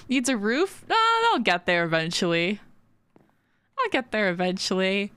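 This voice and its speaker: A woman's voice: medium pitch, animated, takes it slowly, long pauses, a bit bright. A woman streamer chatting casually while building in a game, giggly and full of fillers. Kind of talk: casual gaming stream chat.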